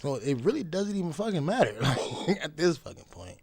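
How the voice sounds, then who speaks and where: A man talking bluntly and profanely in a casual vlog monologue. He repeats phrases for emphasis and swings between loud outbursts and low mutters. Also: big pitch swings, brisk, slightly rough, dry recording. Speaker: vlogger.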